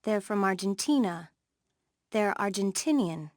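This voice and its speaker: A woman reading textbook words and model sentences with clear pronunciation. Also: mid-range voice, lively intonation, unhurried, a little mellow, no room sound, clean studio sound. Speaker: course narrator.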